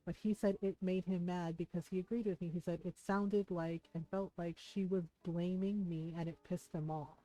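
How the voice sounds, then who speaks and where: With a warm, lowish voice and fairly even intonation, a middle-aged woman chats while gaming at a moderate pace, hardly pausing. She tells a personal story candidly and ramblingly, with lots of fillers and restarts. Faint game music sits under a low-quality recording.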